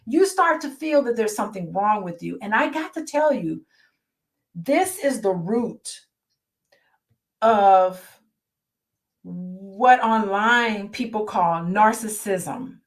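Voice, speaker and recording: A woman with a fairly high voice, speaking as a therapist. She reads from a book and then breaks off to explain it in a relaxed, conversational way. She keeps turning to her listeners to check that they are following. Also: slow pace. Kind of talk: reading a book aloud and commenting.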